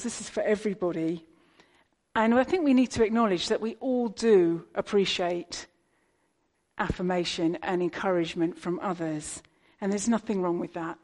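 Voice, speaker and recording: A woman's voice: mid-range voice, a little mellow. British woman preaching a chatty sermon. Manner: chatty and conversational, with asides to the congregation.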